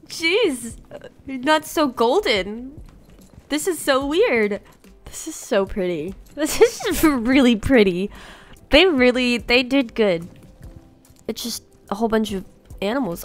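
A woman giving excited first-reaction commentary on a game update, gasping, giggling and repeating herself. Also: a little high. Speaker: gaming YouTuber. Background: faint background music.

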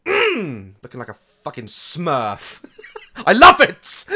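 A young man giving reaction commentary on a video, mocking it, swearing, laughing often and swinging between loud outbursts and muttered asides. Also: sits high, wildly swooping pitch, slow pace, husky. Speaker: YouTuber reacting to a music video.

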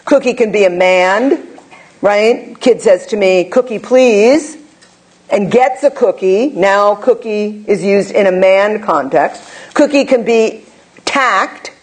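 A woman's voice: mid-range voice, slow. Woman presenter, mid-range voice, conversational lecture style, wry and chatty, leans on tag questions. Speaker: behavior analyst presenter. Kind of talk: conversational academic talk.

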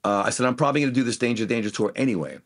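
A man being interviewed as a guest guitarist, telling animated anecdotes and acting out what people said. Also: medium pitch, very fast. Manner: animated anecdotes, acts out quoted voices. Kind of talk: casual interview storytelling.

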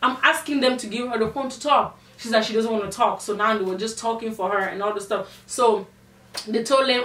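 Young woman vlogger, storytime, fairly high voice, echoey room, sitting back from the mic. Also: fairly quick, far from the mic. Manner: animated, indignant retelling with many fillers. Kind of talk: storytime vlog.

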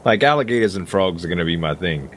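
A laid-back man with a Cajun accent chats through a co-op game session. His voice sits low but swings lively in pitch, with a faint hiss in the background. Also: fast. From Louisiana. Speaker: co-op gaming partner. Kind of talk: casual co-op gameplay chat.

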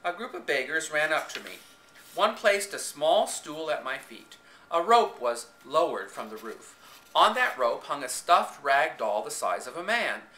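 A man's voice: a little high, very animated, a little slow, bright, forceful tone. A man reading a story aloud in the first person with dramatic expression, recorded on a home camcorder in an echoey room. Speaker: reader.

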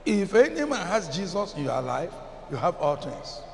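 Gravelly Nigerian preacher in a big hall. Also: male voice, high voice, sing-song, slight background noise. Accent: Nigerian English. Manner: emphatic preaching, drawn-out chanted phrases, questions to the congregation. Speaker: pastor. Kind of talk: sermon. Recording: long reverb in a large hall, faint ambience.

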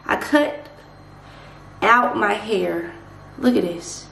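A woman's voice: mid-range voice, extremely slow, long pauses, fairly bright tone. A young woman vlogging to camera at home, venting frankly with heavy swearing. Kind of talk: casual vlog rant to camera. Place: indoors at home. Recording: echoey room with clear background noise.

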